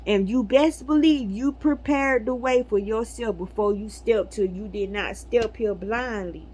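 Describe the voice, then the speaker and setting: A woman's voice: on the high side, unhurried, darkish tone, slightly rough. Emphatic woman preaching casually to camera. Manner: emphatic, preachy, conversational with laughs. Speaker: spiritual video host. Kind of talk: casual spiritual talk to camera.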